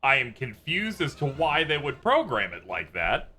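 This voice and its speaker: A man's voice: mid-range voice, huge pitch swings, moderate pace, sharp tone. A man playing a game and bluntly commenting on it to friends, swearing often. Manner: blunt, swears, narrates his play. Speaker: player on stream. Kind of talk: casual gaming chat. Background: faint game music.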